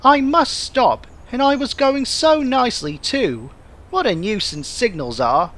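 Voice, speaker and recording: A man voicing a small, cheeky, boastful young male tank engine in a storybook reading, his voice high and excitable. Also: measured pace, exaggerated voice. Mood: proud. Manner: eager, fussing. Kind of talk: storybook narration.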